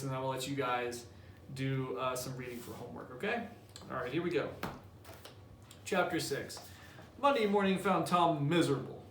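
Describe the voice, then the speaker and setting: A male teacher explaining the story and then reading a novel aloud to his class in a conversational manner. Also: medium pitch. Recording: echoey room, distant mic, faint hiss.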